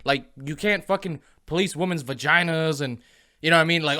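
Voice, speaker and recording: A man's voice: fairly high pitch, a little fast, sharp tone. A man co-hosting a podcast in casual talk, swearing freely and saying "you know what I mean" a lot. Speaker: podcast co-host. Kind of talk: casual chat.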